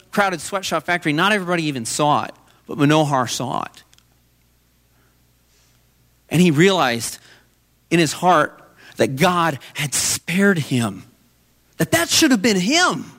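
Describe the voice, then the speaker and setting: A man's voice: a little high, fairly bright tone. A man preaching a sermon as pastor, telling a story in an earnest way.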